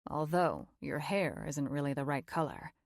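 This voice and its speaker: Woman doing a teasing young guy, low and coaxy, confident, dry close sound. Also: big pitch swings, normal speed, gravelly, no room sound, exaggerated voice. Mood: coaxing. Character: teasing, easygoing young man, confident and coaxing. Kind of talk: audiobook character voice.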